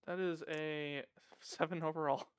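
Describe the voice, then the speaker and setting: A man's voice: fairly high pitch, steady tone, a little slow, smooth. A man playing in a tabletop role-playing game, casually narrating what his character does and swearing freely. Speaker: player.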